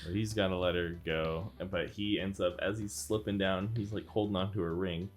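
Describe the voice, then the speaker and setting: A man's voice: low-pitched, fairly even intonation. A man co-hosting a podcast, recapping a cartoon episode in casual chat, laughing often and acting out lines. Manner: laughs often, acts out character lines in quick put-on voices. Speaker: podcast co-host.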